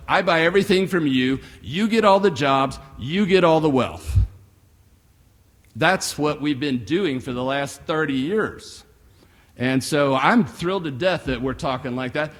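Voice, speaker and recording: Middle-aged American male speaker, blunt and folksy, lively rhetorical delivery, echoing hall. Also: a little high. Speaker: guest speaker, economist. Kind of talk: keynote forecast speech. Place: large hall with long reverb. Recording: live hall recording with reverb.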